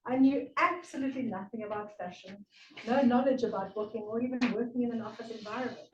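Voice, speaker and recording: A woman from South Africa with a South African accent, slightly British-tinged, giving a prepared speech at a speaking club, earnest with emphatic pauses. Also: fairly high pitch, highs cut off, noisy background. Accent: South African English with a slight British tinge. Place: meeting room. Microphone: room recording from a distance. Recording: echoey room from far off.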